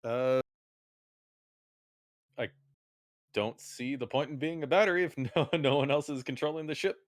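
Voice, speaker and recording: Give me a man playing a tabletop game in a measured way, dry close sound. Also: mid-range voice, no echo. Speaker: player. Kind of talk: casual tabletop play.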